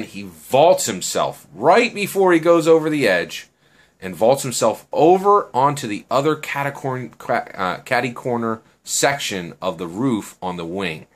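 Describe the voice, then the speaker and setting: A man telling a story casually, chatty and full of fillers and tag questions. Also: fairly low pitch.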